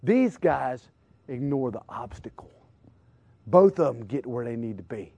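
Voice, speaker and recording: A man preaching a lively youth sermon, slangy and full of questions to his listeners. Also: medium pitch, measured pace, gravelly, no room sound. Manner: acts out crowd voices, slangy, calls out questions to listeners. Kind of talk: animated sermon.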